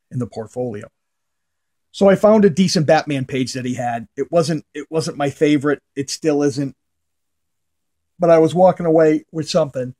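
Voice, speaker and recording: A man's voice: mid-range voice, a little mellow. Chatty, rambling middle-aged man telling a story. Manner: chatty, rambling storyteller, drops to mutters at phrase ends. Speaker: comic art collector. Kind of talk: casual anecdote for camera.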